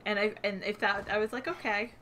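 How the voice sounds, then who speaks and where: A woman's voice: mid-range voice, steady tone, brisk, sharp tone. A young woman, co-host and fiancée of the host, adding wry, often laughing asides in casual chat.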